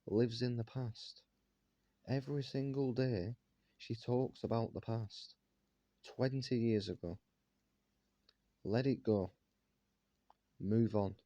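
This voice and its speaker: Indignant dark-voiced man ranting. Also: fairly low pitch, dry recording, dull audio. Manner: indignant, fires rhetorical questions. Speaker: vlogger. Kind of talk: monologue rant to viewers.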